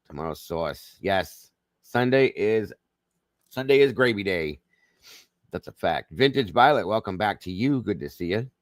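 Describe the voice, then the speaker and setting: A man's voice: fairly low pitch, dry recording, clean studio sound. A man with a Southern American accent hosting a livestream, greeting viewers one by one in a folksy, friendly way. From Southern United States. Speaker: livestream host.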